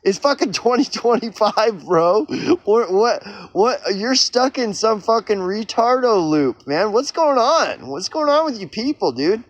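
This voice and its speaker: A man's voice: high voice, very animated, measured pace, no echo. A man from Oklahoma on a profane, rambling solo rant, acting out mock back-and-forth arguments. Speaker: vlogger.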